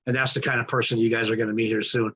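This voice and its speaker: A man hosting an online training call who warmly introduces the next speaker. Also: medium pitch, little pitch movement, very fast, breathy edge. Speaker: host introducing a guest. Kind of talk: enthusiastic introduction.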